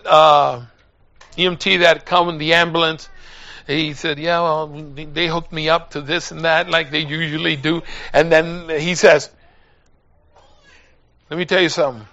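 An older man preaching a sermon, telling a personal story and building up to loud calls to his listeners. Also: a little high, steady tone, a little slow, creaky, highs cut off. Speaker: pastor.

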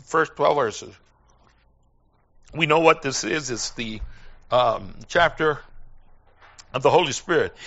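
A man preaching a sermon, telling a personal story and building to shouted emphasis, recorded with a dull lo-fi sound. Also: mid-range voice, slow pace, vocal fry, pauses often.

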